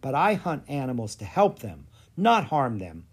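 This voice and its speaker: A reader doing a kind, wise woman who cares for animals in a children's storybook. She speaks gently and softly. The voice is breathy and lively in pitch. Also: normal speed. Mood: gentle. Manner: gentle, soft-spoken.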